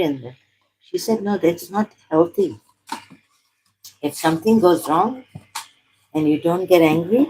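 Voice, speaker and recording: A tired woman from Pakistan talking alone on a livestream at home, halting and apologetic, often trailing off and restarting. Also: low-pitched, dark tone, slight background noise, low-quality recording. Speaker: livestream host. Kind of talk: rambling livestream monologue. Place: at home, making tea.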